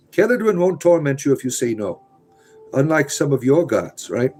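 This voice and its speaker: A man's voice: medium pitch, sing-song, normal speed, warm tone, faint music behind, low-quality recording. A man hosting a live chat, answering viewers with emphatic preaching, a put-on theatrical storyteller's accent and many "uh" fillers. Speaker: livestream host answering chat.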